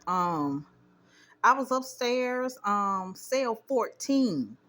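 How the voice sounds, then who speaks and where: Indignant woman telling a story, higher voice. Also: drawn-out words. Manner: indignant, animated retelling with quoted dialogue. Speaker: vlogger. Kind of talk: casual storytelling to camera. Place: home, doing laundry.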